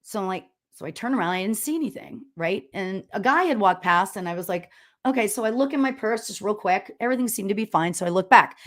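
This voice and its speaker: A middle-aged woman hosting a live stream as a spiritual medium, chatting casually and telling stories loudly with lots of laughs and "you know?". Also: mid-range voice. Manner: loud, animated storyteller with frequent laughs and "you know?". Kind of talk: casual livestream chat reading viewer comments.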